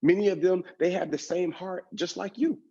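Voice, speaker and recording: A man giving a motivational keynote, telling an animated personal story and talking straight to the audience in a conversational way. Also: high-pitched, moderate pace, vocal fry, slightly rough. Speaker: motivational speaker. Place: event stage. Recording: dull lo-fi recording.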